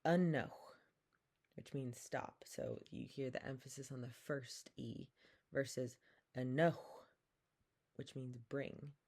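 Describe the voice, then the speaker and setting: A woman teaching a language lesson, saying each vowel slowly and repeating words for the listener to copy. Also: a bass voice, level tone, vocal fry, a little mellow, husky. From Pacific Northwest, Coast Salish community. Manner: slow and careful, repeats each sound, drawn-out demonstrations. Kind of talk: slow, patient vowel lesson with call-and-repeat.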